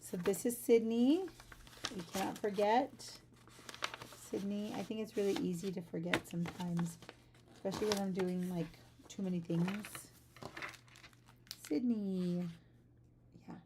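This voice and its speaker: A woman who has just gotten up hosts a casual livestream from her home art studio, sleepily chatting and rambling to viewers while she packs orders; she's the artist. Her medium-pitched voice is unhurried with long pauses, and background noise is present.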